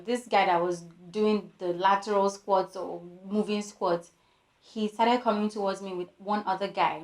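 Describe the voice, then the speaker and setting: Animated woman telling a story. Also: mid-range voice, roomy sound. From Nigeria. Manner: animated storytelling with voiced quotes. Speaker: vlogger. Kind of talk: storytime vlog.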